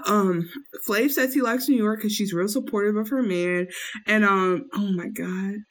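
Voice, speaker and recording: A woman co-hosting a podcast, telling a story in casual chat and acting out quotes with sudden jumps in pitch. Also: a little slow. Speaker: podcast co-host recapping a reality show.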